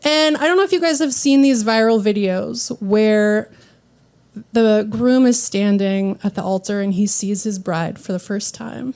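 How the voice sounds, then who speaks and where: A woman in her thirties hosting a stand-up comedy set, self-deprecating and animated as she acts out what others say. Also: mid-range voice, unhurried. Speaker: comedy show host. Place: live comedy venue with audience.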